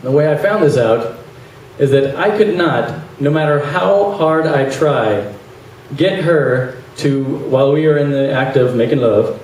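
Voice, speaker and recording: A man doing a stand-up comedy set, delivering dry one-liners and acting out voices in animated bursts. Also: medium pitch, unhurried. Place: large venue with audience laughter. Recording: echoey live hall, distant mic, noisy.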